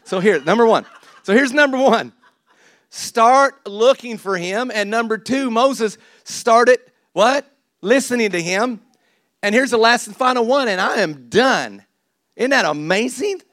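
A man preaches a lively sermon in a fairly high voice, picked up dry and close on a mic. He swings from loud exhortations to quiet, laughing asides. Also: dry recording. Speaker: pastor. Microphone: handheld or stage mic.

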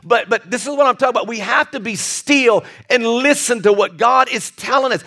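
A male pastor preaching a lively sermon with jokey asides and repeated restarts. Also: very high-pitched, fairly quick, hardly any pauses.

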